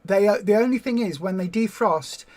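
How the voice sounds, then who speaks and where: A man's voice: high-pitched, normal speed, a little mellow. Chatty man hosting a live stream. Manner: chatty, reads viewer comments aloud, jokey asides. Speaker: weight loss support group host. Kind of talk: casual live-stream chat.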